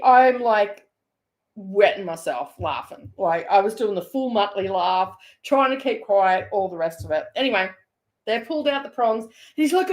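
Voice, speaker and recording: Chatty Australian woman telling a story. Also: fairly high pitch. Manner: animated, laughing, chatty. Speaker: host. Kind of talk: casual storytelling.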